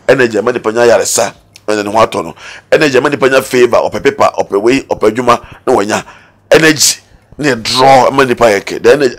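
A Ghanaian man speaks in a middle pitch that swings widely up and down, breaking now and then into high exclamations. He comments in the fervent cadence of a preacher. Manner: excitable, sudden high-pitched bursts and laughter. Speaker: bishop giving commentary. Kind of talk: animated preaching-style commentary in Twi and English.

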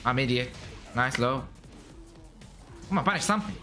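A man from Arabia, giving excitable, chatty live commentary on his own gameplay as a streamer. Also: mid-range voice, normal speed, long pauses, soft background music. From Saudi Arabia. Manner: excitable, chatty, bursts into shouts and laughs at the game.

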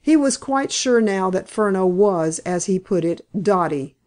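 A woman reading a novel aloud in steady, even scripted narration. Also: mid-range voice, unhurried. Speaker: audiobook narrator.

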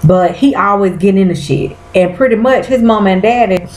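A woman's voice: mid-range voice, fairly quick, roomy sound, low-quality recording. A woman recapping a TV episode in casual chat, exclaiming and talking straight to her viewers in loose slang.

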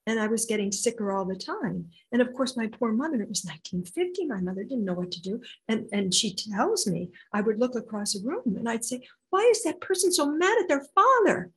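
Breathy older woman telling a story. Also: medium pitch, brisk, hardly any pauses, rough recording. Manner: animated storyteller, acts out voices. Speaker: intuitive healer guest. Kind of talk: storytelling interview.

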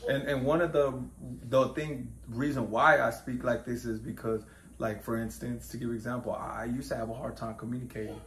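A man's voice: mid-range voice, steady tone, a little fast, fairly bright tone, slight background noise. A man speaking as a guest in a casual conversation, earnest and reflective, often restarting his sentences. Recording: echoey room with faint ambience.

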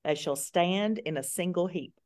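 Woman reading scripture, low voice. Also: normal speed, darkish tone. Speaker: scripture reader in Bible study.

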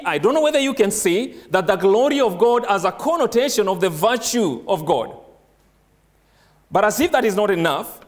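A man preaching a sermon who does not speak English as his first language. He reads scripture slowly and stresses single words, and he puts questions to the congregation and then answers them. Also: high-pitched.

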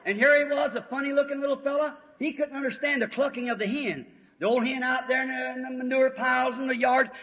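A man preaching a fiery revival sermon in folksy, storytelling words, swelling to shouts. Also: very high voice, steady tone, brisk. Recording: old lo-fi tape, long hall reverb.

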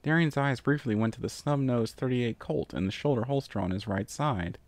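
A man narrating a fan fiction story in a steady, even reading. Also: medium pitch, moderate pace, no room sound. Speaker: reader.

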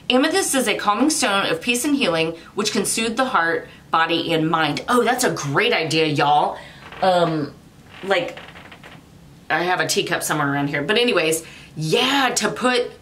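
A woman's voice: mid-range voice, fairly bright tone. A middle-aged woman chatting casually through an unboxing, rambling off on tangents, laughing often and swearing casually. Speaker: vlogger.

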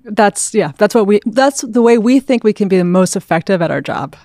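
A woman's voice: medium pitch, animated, a little fast, warm tone, dry recording. Woman guest on a podcast, thoughtful and agreeable, dry close mic. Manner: thoughtful, agreeable, backchannels often. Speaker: venture capital partner, guest. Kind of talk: casual interview chat.

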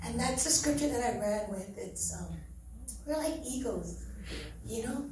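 A woman's voice: on the high side, expressive, unhurried, a little mellow, a little hiss or hum. A middle-aged woman giving an earnest, heartfelt church testimony, often laughing as she speaks. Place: church hall. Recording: very echoey hall, mic from far off.

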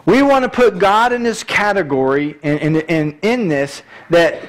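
A man's voice: high voice, unhurried, poor audio. A middle-aged man, preaching a conversational sermon with many restarts and asides.

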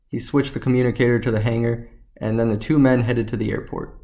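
A man narrating a science fiction story in a steady, even reading. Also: mid-range voice, quick pace.

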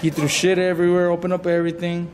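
Casual male storyteller, high pitched, loose and profane, busy crowd behind. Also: fast. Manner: animated, swearing, repeats himself. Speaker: storyteller among friends. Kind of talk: casual chat.

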